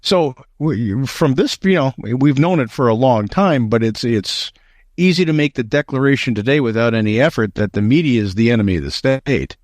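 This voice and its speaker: A man's voice: medium pitch, lively intonation, moderate pace, darkish tone, no echo, clean studio sound. A man co-hosting a casual political talk show, emphatic and opinionated, often restarting his sentences. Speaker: co-host.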